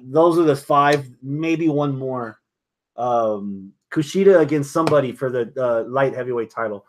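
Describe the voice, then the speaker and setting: A man's voice: mid-range voice, unhurried, a little hiss or hum. A man co-hosting a wrestling podcast in casual chat, dry and teasing, running through the match card. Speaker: podcast co-host.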